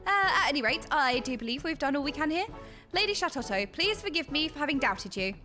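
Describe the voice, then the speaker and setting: A woman's voice: sits high, big pitch swings, brisk, pushed and bright, soft background music, heavily acted. Woman doing a humble young man, a mage, formal and earnest, a bit flustered, game dialogue. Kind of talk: reading game dialogue aloud.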